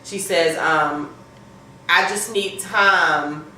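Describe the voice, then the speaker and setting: A woman hosting a casual TV episode recap, talking in an animated, profane way and acting out the characters' lines. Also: fairly low pitch, very slow. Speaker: TV recap host. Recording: echoey room, distant mic, faint noise.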